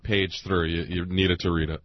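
A man co-hosting a restaurant talk radio show, explaining things quickly and often repeating words as he goes. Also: sits low, flat delivery, dry recording. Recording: dry, slightly muffled studio mic.

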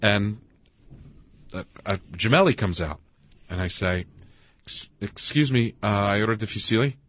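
A man co-hosting a radio show, telling stories in a halting way with repeated words. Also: lowish voice. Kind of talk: casual radio talk, storytelling. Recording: dull lo-fi radio broadcast.

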